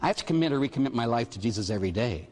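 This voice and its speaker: Animated male preacher in echoing hall. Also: mid-range voice, very fast. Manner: animated, frequent "huh?" asides. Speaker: retreat preacher. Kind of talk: storytelling sermon. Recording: long echoing hall reverb.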